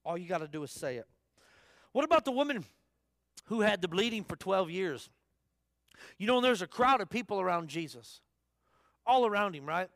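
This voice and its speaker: A man with a notably high voice preaches to a full church in a casual, conversational way. He asks the congregation questions and circles back to repeat his key phrases. The sound is dry and close, with little room echo. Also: big pitch swings, moderate pace, vocal fry, long pauses, fairly bright tone. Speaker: pastor. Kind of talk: sermon. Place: church service.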